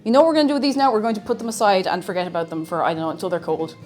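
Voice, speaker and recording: Rambling, animated woman streamer cooking. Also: on the low side, very fast, soft background music. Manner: rambling, self-mocking, talks to herself and chat. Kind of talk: casual live-stream chat while cooking. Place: home kitchen.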